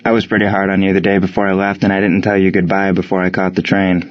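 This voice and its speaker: A man's voice: low voice, monotone, fast, natural voice. Brash teasing army big brother, read by a man, lo-fi. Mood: apologetic. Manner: cocky, teasing. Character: brash older brother soldier, joking then sincere.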